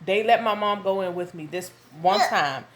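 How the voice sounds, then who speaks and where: A woman, telling a casual story to her viewers at home, animated and full of asides. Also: mid-range voice, moderate pace. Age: 30s. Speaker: vlogger. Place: home with her young son nearby.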